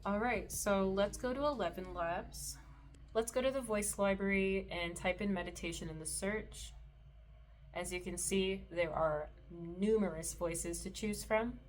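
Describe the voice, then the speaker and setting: A woman hosting a screen-recorded tutorial, explaining settings in a relaxed, explanatory way with the odd soft laugh. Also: medium pitch, a little slow, faint music behind. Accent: Canadian. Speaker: meditation creator and tutorial host.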